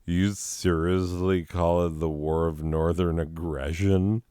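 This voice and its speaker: A man's voice: low-pitched, level tone, takes it slowly, warm tone, clean tone, no echo, clean studio sound. A man hosting a comedy show, sarcastically mocking a listener letter and laughing at his own jokes. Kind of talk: comedic riffing monologue.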